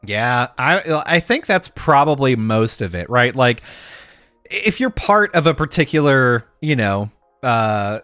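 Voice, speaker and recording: A man's voice: mid-range voice, a bit bright, no room sound. A man co-hosting a podcast, rambling in casual chat, swearing freely and restarting his sentences. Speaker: podcast co-host.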